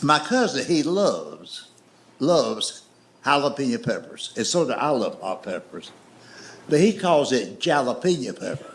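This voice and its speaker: A middle-aged man telling stand-up stories in a slow, folksy way. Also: medium pitch, sing-song, a little hiss or hum. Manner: slow, drawling storyteller with folksy grammar. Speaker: stand-up comedian. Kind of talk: stand-up storytelling. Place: comedy stage with audience laughter.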